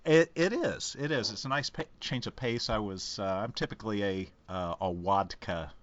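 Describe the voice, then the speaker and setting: Deep-voiced halting man, lo-fi sound. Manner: halting, many fillers and restarts. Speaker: podcast co-host. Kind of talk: casual chat.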